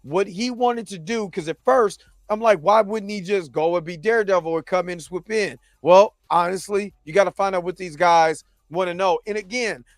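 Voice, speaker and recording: High-voiced animated man recapping a show. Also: normal speed, hardly any pauses, no room sound, clean studio sound. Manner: animated, acts out characters' lines in his own voice. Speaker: show host. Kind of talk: casual TV recap commentary.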